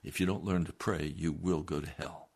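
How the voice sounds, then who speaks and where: Man, preacher, low-pitched, earnest, exhorting, sermon storytelling. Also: steady tone, moderate pace, creaky, a little mellow, breathy edge. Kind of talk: sermon with a first-person story reading.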